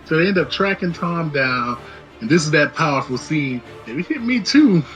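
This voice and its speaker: A man's voice: a little high, very animated, normal speed, a bit bright, faint music behind, poor audio. A man casually recapping a movie scene with his co-host, loose and slangy, acting out the characters' lines. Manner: loose slangy storytelling, acts out quotes.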